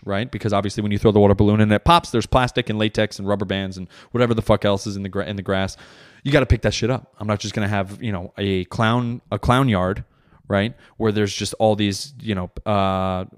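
A man hosting his own comedy podcast with a lowish voice. He rambles through a story about his kids, swearing freely and correcting himself as he goes. He keeps a casual, unscripted tone throughout. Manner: profane, rambling, self-correcting. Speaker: father.

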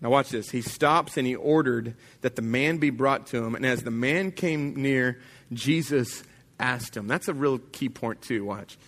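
A man's voice: medium pitch, a little slow, fairly bright tone. A man pastor preaching a sermon to his congregation in an emphatic, casual and plain-spoken way.

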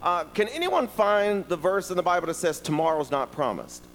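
Animated preacher in a reverberant hall. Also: male voice, high voice, moderate pace, a little hiss or hum. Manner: animated, conversational, addresses congregation directly. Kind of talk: sermon with storytelling.

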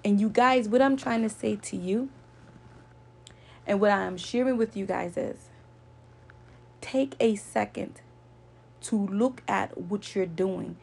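Woman, casual vlog storyteller, gravelly texture, earnest lecturing delivery with lots of repetition. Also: mid-range voice, takes it slowly, long pauses. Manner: earnest, lecturing, repeats points for emphasis. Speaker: vlogger.

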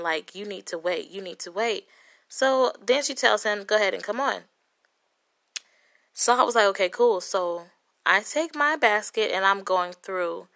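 Woman from Compton, bright forceful voice, profane heated storytelling, vlog rant. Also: mid-range voice. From Compton, California. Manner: profane, heated, dramatic retelling with quoted voices. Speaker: vlogger telling a story.

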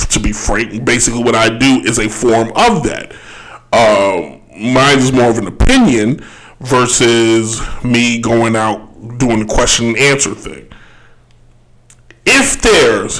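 A man talks loosely through his opinions as a podcast host, circling back and correcting himself as he goes. His voice sits in a middling range and sounds a little throaty, and he clears his throat now and then. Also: mid-range voice, a bit bright, poor audio. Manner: rambling, self-correcting, laughs often. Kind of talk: casual solo commentary.

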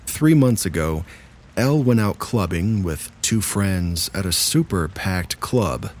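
Low-voiced male horror story narrator. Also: slow pace, a little hiss or hum. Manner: relaxed and chatty when speaking to listeners. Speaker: narrator of scary stories. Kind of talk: reading submitted stories aloud.

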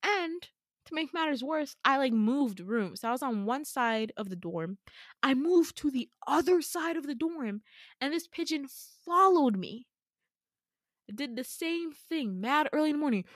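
A woman podcast host telling a story casually, chatty and animated, swearing freely. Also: sits high, measured pace, no echo, studio quality. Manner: chatty, profane, animated retelling.

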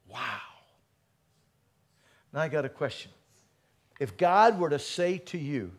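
A male pastor preaching a sermon, calling out to the congregation and swinging from soft murmurs to loud exhortation. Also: a little high, expressive, slow pace, long pauses. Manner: preaching with call-and-response and dramatic swings in volume.

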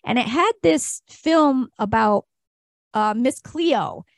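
High-pitched woman host w a gravelly edge, rambly questions, dry close sound. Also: animated, slow, no room sound. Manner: rambling, hesitant, laughing questions. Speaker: podcast co-host. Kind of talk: casual interview chat.

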